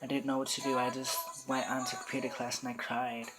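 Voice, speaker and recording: A teenage boy telling his own story in the first person, quiet, somber and plainly spoken. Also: mid-range voice, level tone, a little fast, music in the background. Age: teens. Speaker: storyteller recounting coming out.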